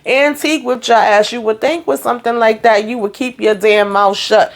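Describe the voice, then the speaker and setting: Animated woman recapping a TV episode. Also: fairly high pitch, moderate pace, vocal fry. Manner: animated storytelling, acts out characters' quotes, frequent fillers. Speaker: TV recap host.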